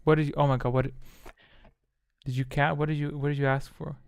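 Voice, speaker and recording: Gravelly-voiced man muttering through a stream. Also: on the high side, flat delivery, brisk, no echo. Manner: mutters to himself, exasperated at the software. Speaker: streamer hosting a quiz. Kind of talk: casual live-stream chat.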